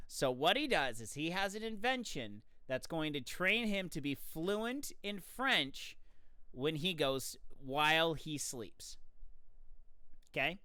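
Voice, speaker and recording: An enthusiastic streamer tells a story in casual live-stream chat. The pitch swings widely, and the bright, clear voice carries a lot of energy. The sound is close and dry. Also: sing-song, slow pace, no echo.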